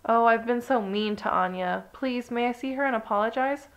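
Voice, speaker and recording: Angelina Ballerina, as a woman reads her, high and eager. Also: normal speed, highs cut off, natural voice. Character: young female mouse ballerina, proud and impulsive.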